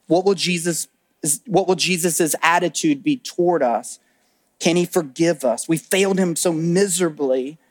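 A male pastor preaches with a slightly high voice. He tells the story with animated energy, then drops to a hush when he stresses key words. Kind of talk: sermon. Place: church auditorium.

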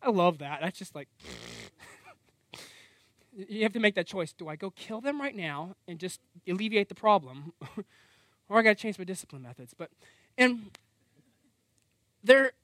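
Animated middle-aged male preacher. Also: high-pitched, normal speed, long pauses, no echo, studio quality. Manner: animated, acts out quoted voices; conversational, self-deprecating. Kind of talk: sermon.

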